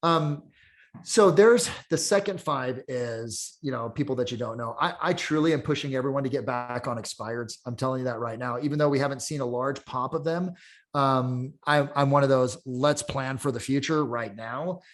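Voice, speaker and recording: Middle-aged male real estate coach, mid-pitched, energetic storyteller who swears and acts out quotes in a casual chat. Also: normal speed.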